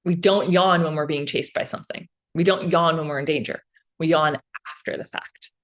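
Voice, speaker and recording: A woman's voice: low-pitched, steady tone, normal speed. A woman guest on a podcast, explaining ideas in a casual, earnest way and often checking in with "right?".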